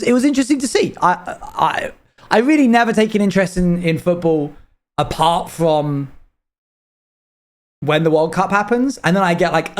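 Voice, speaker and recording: Chatty British man, higher voice. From United Kingdom. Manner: rambling, reads chat messages aloud and answers them. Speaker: streamer. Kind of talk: casual live-stream chat.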